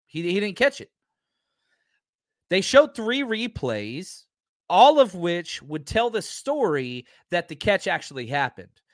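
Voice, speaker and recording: Amped-up guy ranting on a live stream, high voice all over the place, dry close sound. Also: big pitch swings, slow pace, dry recording. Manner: fired-up, ranting, reads viewer comments. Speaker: livestream host. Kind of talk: heated sports talk livestream.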